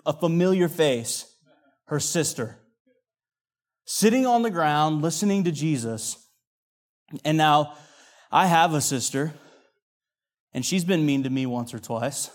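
A man preaching a sermon, telling the story with acted-out quotes, rising loud and dropping hushed. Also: fairly high pitch.

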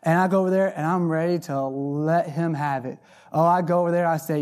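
A man's voice: on the high side, normal speed. A man giving a folksy sermon testimony, telling a story and often repeating words as he starts phrases. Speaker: lay preacher.

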